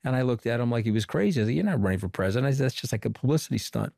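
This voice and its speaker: A middle-aged man from Long Island, giving an interview as a former communications director and telling animated stories with quoted dialogue. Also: medium pitch, very fast, gravelly, dry recording, clean studio sound. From Long Island, New York. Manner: animated storyteller who quotes people in dialogue. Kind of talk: conversational storytelling interview.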